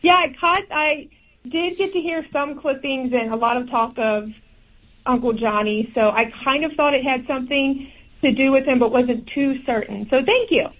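High-voiced woman caller on the radio. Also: moderate pace, dull audio. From Ohio. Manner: friendly, eager questions. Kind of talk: call-in chat.

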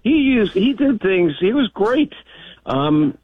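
A man who hosts a radio show, telling stories in a casual, animated talk-show conversation. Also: high-pitched, slow, husky. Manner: animated storytelling, broadcaster delivery. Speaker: radio host. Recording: tinny phone-like sound.

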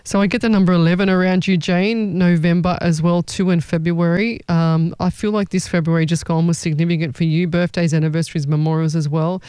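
A woman's voice: fairly low pitch, fairly even intonation, a little fast, few pauses, mellow, clean tone, dry recording. A woman, a psychic medium giving readings in a casual live chat, rambling and laughing often.

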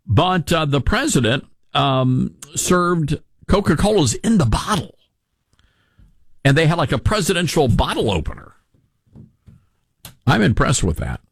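A man's voice: on the high side, breathy edge, no echo, clean studio sound. A man hosting a podcast, telling a rambling, self-deprecating story in a casual chat. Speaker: podcast host.

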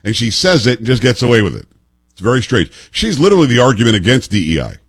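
A man in his fifties delivers opinionated political commentary with a husky voice that swings widely in pitch. He sounds emphatic and sarcastic and leans on rhetorical questions. The sound is dry and close. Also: big pitch swings, fast talker, dry recording. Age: 50s.

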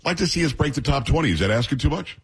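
Husky-voiced chatty radio host man. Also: a little high, lively intonation, racing. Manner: chatty, jokey banter with sidekick. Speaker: radio talk show host. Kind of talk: casual radio talk.

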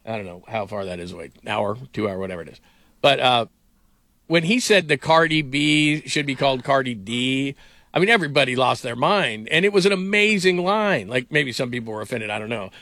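A man's voice: medium pitch, expressive, brisk, bright, forceful tone, no echo. A middle-aged man hosting a sports talk radio show, rambling through stories with lots of fillers. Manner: rambling storyteller, heavy on fillers.

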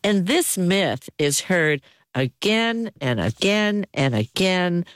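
Lively jokey interview host. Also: medium pitch, slow, dry recording, clean studio sound. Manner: lively, jokey, self-deprecating. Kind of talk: conversational interview.

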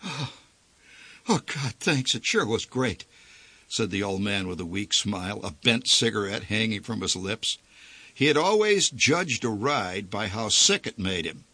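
Theatrical male storyteller with a bright voice. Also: fairly low pitch, expressive, moderate pace, no room sound. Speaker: narrator. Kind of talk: dramatic story reading.

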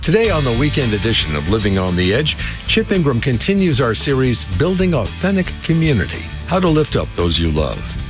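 A man's voice: mid-range voice, big pitch swings, fairly quick, few pauses. Male announcer over guitar music. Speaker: radio program announcer. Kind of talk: scripted program introduction. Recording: guitar music bed underneath.

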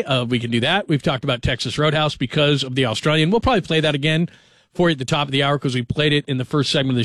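A man in his forties hosts sports talk radio, chatting and cracking jokes in a slightly high voice. The studio sound is very dry and close, with no room echo. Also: fairly bright tone. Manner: chatty, joking, storytelling. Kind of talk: casual talk radio monologue.

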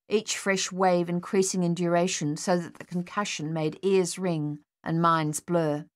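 With a fairly low pitch, this woman narrates a scripted audiobook, keeping a steady, measured storytelling pace.

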